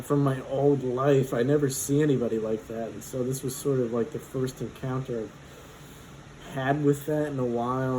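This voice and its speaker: A man's voice: mid-range voice, mellow, a little hiss or hum, low-quality recording. A man in his twenties telling a personal story casually, rambling with lots of fillers and swearing.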